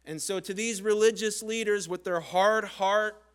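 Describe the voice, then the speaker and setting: A man giving a sermon as a pastor, earnest and conversational, with dramatic pauses. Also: high-pitched, fairly even intonation, fairly bright tone, smooth.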